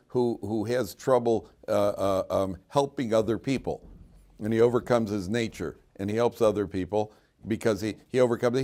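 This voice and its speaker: A man's voice: fairly low pitch, a little mellow. A man teaching a class as a rabbi, repeating his key lines for emphasis and telling stories. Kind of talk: classroom lecture. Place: classroom with students.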